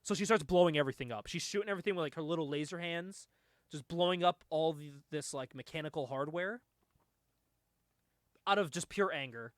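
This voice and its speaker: A man's voice: fairly high pitch, a little fast, dry recording, studio quality. A man hosting a podcast, recapping a comic book in a loose, chatty way, laughing often and swearing freely. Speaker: podcast host.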